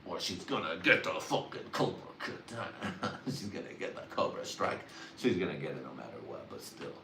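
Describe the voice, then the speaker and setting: A man's voice: low voice, sing-song, moderate pace, gravelly, pushed and bright. Crude young man ranting in a roomy echo. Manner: vulgar, laughs often, drawling slang. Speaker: livestream host. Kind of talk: crude rambling comedic monologue. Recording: roomy echo, distant mic, faint noise.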